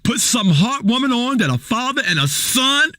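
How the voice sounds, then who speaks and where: A man's voice: very high-pitched, very animated, moderate pace. A man playing an overwrought, gushing radio self-help host in a comedy skit.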